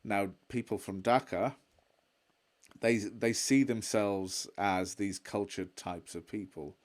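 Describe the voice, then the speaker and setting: A man's voice: fairly low pitch, steady tone, takes it slowly. A man co-hosting a casual podcast, explaining at length with many fillers and agreeing often. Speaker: podcast co-host. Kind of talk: casual chat.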